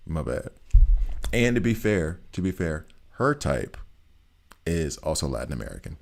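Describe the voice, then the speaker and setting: A man's voice: deep voice, big pitch swings, measured pace, creaky, long pauses. A man streaming a video game, chatting casually and joking as he plays, rambling and often laughing. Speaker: gaming streamer. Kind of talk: casual gameplay commentary.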